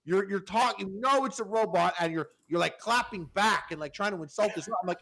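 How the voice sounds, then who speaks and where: A man telling an animated, swearing story in casual podcast chat, acting out the quotes. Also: sits high, brisk, creaky. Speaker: podcast guest.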